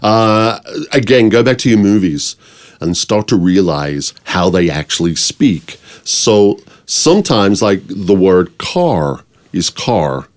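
A man from Australia, an actor guest chatting casually in an interview, relaxed and joking with many fillers. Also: fairly low pitch, slow pace.

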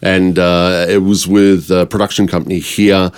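Aussie actor guy chatting, low-ish voice, easygoing, jokes around. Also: moderate pace, smooth. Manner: relaxed, joking, many fillers. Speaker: actor guest. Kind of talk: casual interview chat.

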